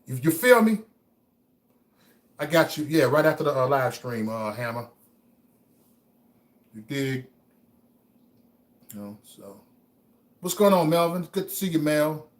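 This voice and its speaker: A man hosting a livestream, giving a motivational talk to his chat. He repeats phrases over and over and stammers on single words, swinging between hushed musing and loud preaching. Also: a little high, sing-song, unhurried, pauses often. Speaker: livestream host.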